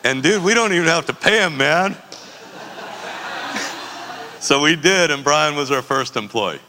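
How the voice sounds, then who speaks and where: A middle-aged man spins casual stories in a bright, forward voice, laughing often as he goes. He swears freely and slips into quick impressions of the people he talks about. His voice rings out with a long reverb trailing behind it. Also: fairly high pitch, expressive, a little hiss or hum. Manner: laid-back, profane, laughs often, acts out others' lines. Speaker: coffee business founder telling stories. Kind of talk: casual storytelling.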